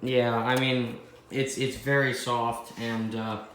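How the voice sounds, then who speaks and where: A man's voice: mid-range voice, flat delivery, slow, fairly bright tone. Young guy rambling to himself on a vlog, roomy echo, bit of background hiss. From Canada. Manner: rambling, self-deprecating, talks to himself. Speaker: clock collector host. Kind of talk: casual vlog commentary. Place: indoor room with ticking clocks.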